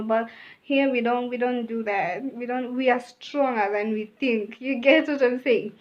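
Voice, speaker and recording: Young Kenyan woman, vlogger, casual chatty storytime, high-ish voice, lo-fi muffled mic. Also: normal speed. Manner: chatty, mixes in Swahili phrases.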